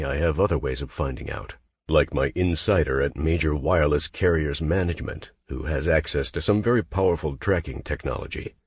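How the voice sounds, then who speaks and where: A man's voice: extremely low pitch, breathy edge, no echo, studio quality. A man narrating a romance audiobook in the first person, with an intense, clipped, brooding delivery.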